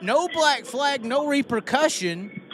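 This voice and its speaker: A man hosting a live stream, chatting casually in an excitable, teasing way. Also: extremely high pitch, slow pace, background noise. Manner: excitable, teasing, laughs often.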